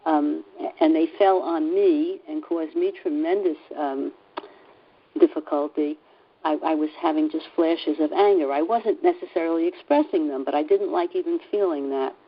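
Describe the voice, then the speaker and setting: A woman sharing a personal story in a group call, earnest and halting, with many fillers and restarts. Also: fairly low pitch, muffled recording. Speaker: class participant.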